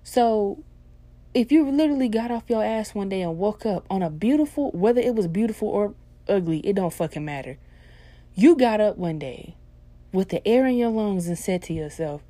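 A woman hosting a casual monologue, blunt and heavily profane, swinging into loud, animated rants. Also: medium pitch, moderate pace, dry recording.

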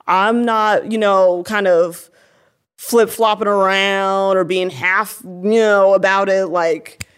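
Young woman, earnest and candid, mid-pitch conversational testimony. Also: steady tone, slow pace, smooth. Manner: earnest, candid, many fillers and restarts. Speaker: interview guest.

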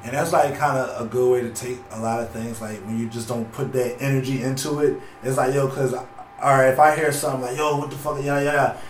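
A man's voice: mid-range voice, fairly even intonation, brisk, slight background noise. A man chatting casually in a laid-back, slangy way. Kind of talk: casual chat. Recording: roomy, distant mic, faint music.

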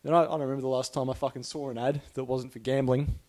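An Australian podcaster with a mellow, medium-pitched, level voice rants casually at a quick pace. He is profane and rambling, often restarting sentences in exasperation.

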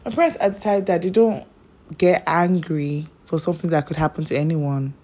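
A woman's voice: low voice, a little fast, dark tone. A young woman, chatting casually and telling personal stories, rambling with lots of fillers. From Nigeria.

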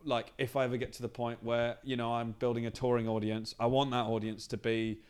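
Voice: medium pitch, flat delivery, fairly quick, darkish tone, clear, resonant tone. A non-binary comedian, a podcast guest in casual chat, talking thoughtfully with frequent restarts in a backstage green room. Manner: thoughtful, searching, many restarts.

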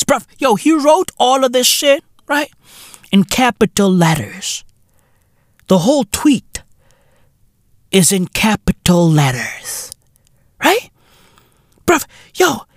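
A South African man hosting a podcast, ranting in a profane, mocking way and often shouting. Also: high voice, very animated, takes it slowly, no room sound, clean studio sound. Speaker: podcast host. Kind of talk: comedic rant.

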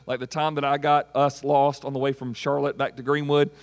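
A middle-aged man preaching a sermon as pastor, telling stories with animated delivery and acting out voices. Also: medium pitch, a little fast. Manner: animated storytelling preacher, acts out quoted voices.

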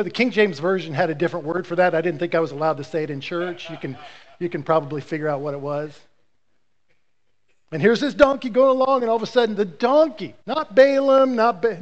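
A man preaching with lively, story-driven energy and playful asides to his congregation. His voice sits high for a man. The recording sounds dull and lo-fi. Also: fairly quick. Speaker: pastor. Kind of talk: sermon.

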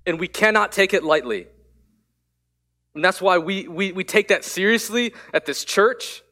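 A male pastor delivers a sermon in a notably high voice for a man. He tells stories candidly and with animation, tossing in quick asides. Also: lively intonation, bright, forceful tone.

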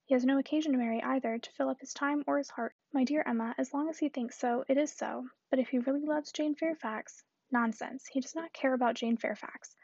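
A woman reading a classic novel aloud, narration and dialogue at a brisk pace, recorded close and dry. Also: high voice, gravelly, a little mellow, husky, no echo, lo-fi sound. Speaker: audiobook reader.

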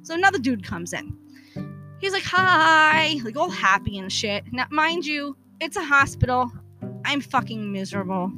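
A woman's voice: fairly high pitch, expressive, moderate pace, sharp tone, soft background music. A woman hosting a podcast, telling a personal story in a profane, exasperated rant. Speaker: podcast host.

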